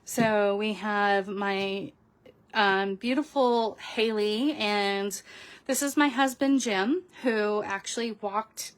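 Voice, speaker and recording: A middle-aged woman talks through a crafting tutorial in a slightly high voice. She speaks slowly and chattily, with frequent ums and self-corrections. She lets her feelings show openly. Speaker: papercraft video host.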